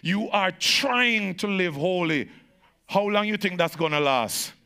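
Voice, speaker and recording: A male pastor preaching with a high, gravelly voice and a sharp, bright edge. He hammers home repeated phrases. He swings between shouted peaks and slow, hushed stretches. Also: animated. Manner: insistent repetition of phrases. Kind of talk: sermon to a live congregation.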